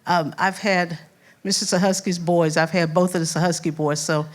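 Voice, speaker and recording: At an awards event, an older Southern-accented woman from Louisiana delivers a heartfelt speech in a lowish voice at normal speed. The first-grade teacher brings her stories to life by imitating her students' voices, laughing often along the way.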